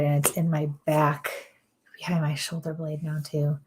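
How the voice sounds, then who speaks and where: A woman working as a medium, giving a live psychic reading in a halting, hesitant way with many fillers. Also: sits low, a little hiss or hum.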